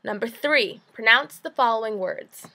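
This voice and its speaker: A woman's voice: a little high, normal speed, pushed and bright. A young woman from New Jersey with a Jersey accent, chatting casually to camera in a rambling, giggly way with lots of fillers. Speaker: vlogger.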